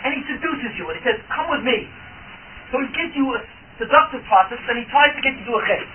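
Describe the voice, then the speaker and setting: A rabbi giving a Torah class to a live audience, firing questions at the room and answering them himself. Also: male voice, very high-pitched, expressive, very fast, a little hiss or hum. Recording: tinny, distant, lo-fi class recording.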